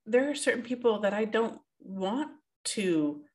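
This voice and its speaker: A woman's voice: medium pitch, animated, a little slow. A woman, a coach, co-hosting a podcast in chatty, upbeat casual talk with frequent giggles. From Canada. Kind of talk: casual chat.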